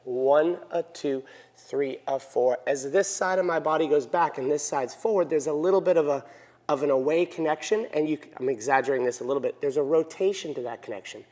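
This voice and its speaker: A man's voice: fairly high pitch, quick pace, darkish tone. Man teaching dance in an echoey hall. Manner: counts beats aloud, checks in with frequent "right?". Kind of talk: instructional dance lesson.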